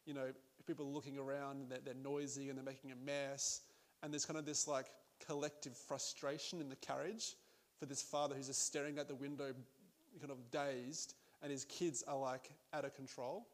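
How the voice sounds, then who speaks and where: A man's voice: mid-range voice, level tone, normal speed. A man preaching a sermon in a conversational way, with laughing asides and frequent restarts.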